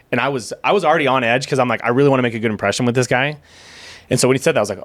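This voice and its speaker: A man's voice: mid-range voice, rapid-fire, a bit bright, no echo. A man on a podcast as the guest, telling a story candidly in casual chat, cursing now and then and acting out the lines of people he quotes. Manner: candid storytelling, swears, acts out quoted dialogue.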